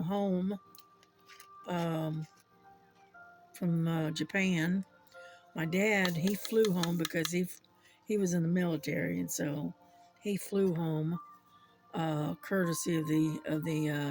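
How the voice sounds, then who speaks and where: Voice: mid-range voice, fairly even intonation, creaky, a little mellow, soft background music. An older host with a Southern US accent, telling rambling stories in casual chat and chuckling often. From Southern United States. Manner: rambling, unhurried storytelling with frequent chuckles. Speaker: channel host.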